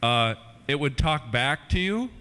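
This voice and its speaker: Lively guy comic at a church family night, bright voice, big echoey hall. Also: mid-range voice, measured pace, smooth. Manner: playful, talks to kids in the crowd. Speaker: comedian. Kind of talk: family stand-up comedy. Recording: echoey hall on old VHS.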